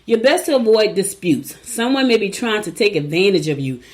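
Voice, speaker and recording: A woman's voice: mid-range voice, very animated, fairly quick. A middle-aged woman hosting a show, reading horoscopes in a casual, chatty way with folksy asides and repeated advice. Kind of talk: casual chat, reading and riffing.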